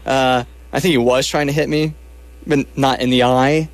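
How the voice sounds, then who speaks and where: A young man casually telling a funny personal anecdote, animated and self-mocking, slipping into the voices of the people in it. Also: medium pitch, moderate pace, dry recording. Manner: animated, self-mocking, acts out quoted lines.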